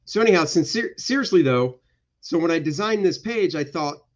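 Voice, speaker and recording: Man, comic artist, lively swooping voice, slightly high, playful jokey art stream chat, dull lo-fi sound. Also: normal speed. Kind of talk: casual art livestream commentary.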